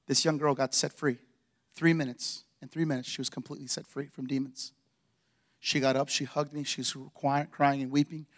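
A man's voice: mid-range voice, flat delivery, moderate pace. A man preaching a sermon in a church as pastor, telling stories with energy and acting out the dialogue.

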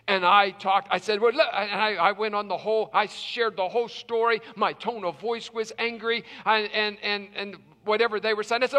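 High bright-voiced preacher in a reverberant hall. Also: male voice, fairly even intonation, normal speed, hardly any pauses. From South Carolina. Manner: storytelling with emphatic repetition. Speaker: pastor. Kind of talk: sermon.

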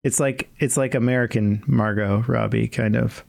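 A man's voice: medium pitch, fairly even intonation, normal speed, creaky, darkish tone. A man co-hosting a podcast, chatting casually and joking around with lots of fillers. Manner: joking, easygoing, many fillers. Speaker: podcast co-host.

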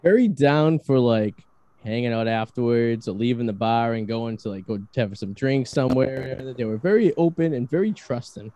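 A man's voice: mid-range voice, normal speed, dry recording. A man with a Boston accent hosting a podcast, chatting casually and bluntly, swearing freely. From Boston, USA. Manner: blunt, swears freely, gives long animated stories. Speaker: podcast host. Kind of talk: casual chat.

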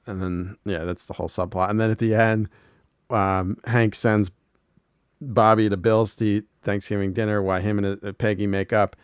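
Guy podcaster, kinda low voice, super dry close sound, rambly and laughing. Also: steady tone, moderate pace, smooth, dry recording. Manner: rambling, laughing, swearing, acting out quotes. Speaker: podcast co-host. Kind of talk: casual retelling of TV episodes.

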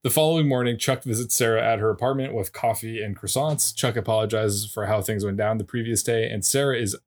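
A man co-hosting a podcast, walking through a TV episode plot in a steady recap with dry asides. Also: on the low side, fairly quick. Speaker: podcast co-host. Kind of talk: casual recap chat.

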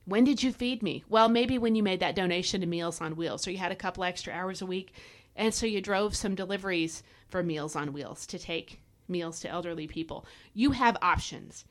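A woman's voice: on the low side, fairly quick. Fervent woman preaching on a podcast. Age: adult parent. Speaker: podcast host. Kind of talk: devotional Bible teaching podcast.

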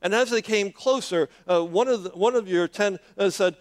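A man with a high-pitched voice delivers a sermon, retelling a scripture story with drama. His delivery halts often, repeating words and leaning on fillers as he builds the scene. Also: moderate pace, few pauses. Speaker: preacher.

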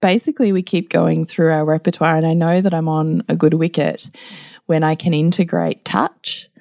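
A woman's voice: sits low, steady tone, normal speed, vocal fry, darkish tone, no echo, studio quality. A middle-aged woman co-hosting a parenting podcast in casual chat, laughing often as she tells family stories. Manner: laughs often while telling anecdotes.

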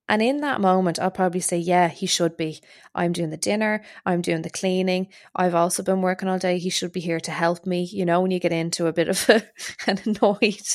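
A woman's voice: on the low side, darkish tone, dry recording, studio quality. A young adult woman hosting a podcast, talking casually and explaining a method step by step, with many fillers. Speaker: podcast host. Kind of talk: casual self-help talk.

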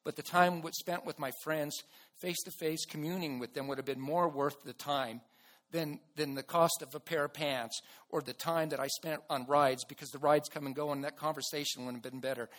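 A man preaching a sermon to his church in an earnest way, with restarts and bursts of loud emphasis. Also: on the high side, steady tone, normal speed. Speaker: pastor.

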